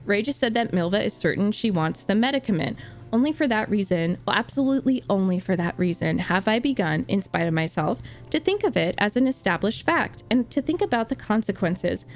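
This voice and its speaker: A woman's voice: medium pitch, animated, fairly quick, natural voice. A woman reading aloud as a shy, apologetic young foreign man.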